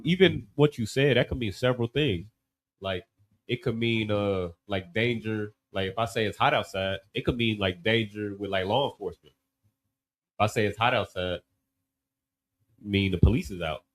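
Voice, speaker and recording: Low-voiced man teaching a casual class. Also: low-quality recording. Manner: loose and conversational, many "you know what I mean" asides.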